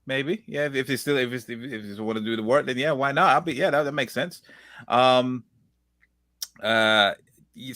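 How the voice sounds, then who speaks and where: A man's voice: mid-range voice, fairly bright tone, dry recording, clean studio sound. A man co-hosting a casual wrestling podcast, rambling with lots of fillers and restarts and greeting viewers in the comments. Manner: reads viewer comments aloud. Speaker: podcast co-host.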